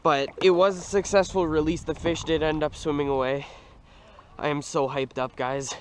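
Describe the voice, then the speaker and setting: A young man in an outdoor fishing vlog, exclaiming as he talks from a kayak on open water, swinging between hushed murmurs and loud outbursts. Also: a little high, fairly even intonation, normal speed, slight background noise. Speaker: fishing vlogger. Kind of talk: excited outdoor vlog commentary.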